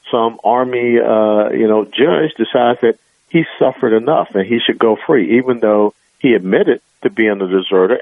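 A man's voice: medium pitch, creaky, no room sound. A man as a radio interview guest, talking in an emphatic, earnest way over a phone line.

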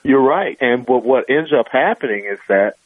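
A man's voice: mid-range voice, expressive, moderate pace, no room sound, narrow, tinny audio. A man who is a guest on a radio talk show, arguing emphatically and often saying "you know". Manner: emphatic, argumentative, filler-heavy.

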